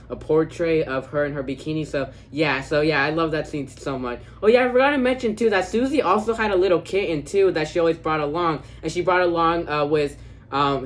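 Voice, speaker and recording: A man giving a casual, unscripted movie review. He rambles with many fillers and restarts, stops to think, and gets excited about the parts he loves. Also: mid-range voice, slight background noise, low-quality recording. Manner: rambling, filler-heavy with frequent "like" and "so, yeah"; bursts of excitement on favorite moments.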